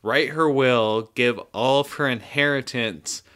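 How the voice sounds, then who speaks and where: Bright-voiced man co-hosting a podcast. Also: mid-range voice, smooth. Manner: laid-back, self-mocking, summarizes haltingly. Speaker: podcast co-host. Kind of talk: casual podcast chat.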